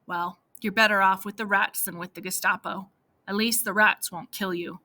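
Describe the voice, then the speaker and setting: A woman voicing a brisk, practical farm wife who hides fugitives in her cellar, in an audiobook reading. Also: mid-range voice, steady tone, sharp tone. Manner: blunt, practical.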